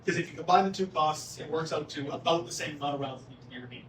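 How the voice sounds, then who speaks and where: Town hall presenter: a man with a slightly high voice, casual and joking, heard from across a roomy hall with faint noise. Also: fast, a crowd in the background. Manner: casual and joking, lots of "right?". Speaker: golf course manager presenting at a town hall. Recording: roomy, distant mic with faint background noise.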